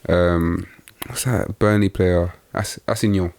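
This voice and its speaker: A young Englishman with a fairly low voice co-hosts a casual football podcast. He talks bluntly, swears freely and teases his co-host. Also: steady tone, takes it slowly, creaky, darkish tone.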